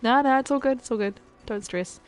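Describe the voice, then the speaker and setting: A New Zealand woman, an adult parent, streams gameplay and chats casually with her viewers. Her voice is fairly high and a little fast, she laughs often and trails off mid-sentence, and the recording quality is low.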